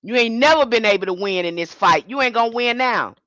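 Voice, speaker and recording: A woman's voice: fairly high pitch, animated, fairly quick, a bit bright, dry recording, lo-fi sound. A woman giving an impassioned livestream sermon as a spiritual teacher, speaking in a fiery, confrontational way and repeating her points.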